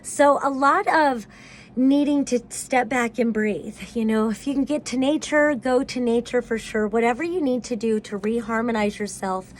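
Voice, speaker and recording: A woman's voice: fairly high pitch, normal speed, a little hiss or hum. A woman giving a casual tarot reading, talking in a rambling, hesitant way with many fillers and restarts. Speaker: tarot reader.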